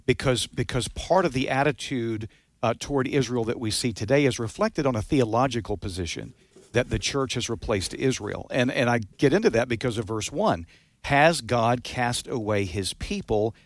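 A man's voice: mid-range voice, animated, brisk, no echo. A man teaching the Bible on a radio talk show, earnest and emphatic, often repeating words as he starts a thought. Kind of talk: radio Bible study chat.

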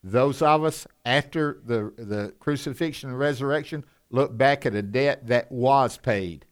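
A man's voice: medium pitch, normal speed, smooth. A man co-hosting a conversational Bible teaching, folksy, asking his listeners questions, with moments of passion. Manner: folksy, asks questions, turns passionate at times.

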